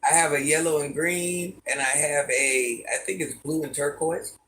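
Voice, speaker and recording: Speaking at a moderate pace in a low, slightly bright voice, a woman in her fifties hosts a casual livestream from her home. She reads out each viewer comment and responds easily.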